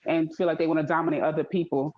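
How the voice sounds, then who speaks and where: A man co-hosting a casual livestream chat, dismissive and halting. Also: fairly high pitch, little pitch movement, highs cut off, slight background noise.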